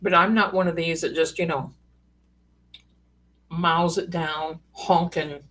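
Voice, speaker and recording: A woman's voice: fairly low pitch, fairly even intonation, slow, fairly bright tone. Chatty folksy woman streaming live. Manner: chatty, folksy, sassy asides. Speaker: psychic livestream host. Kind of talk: casual live-stream chat.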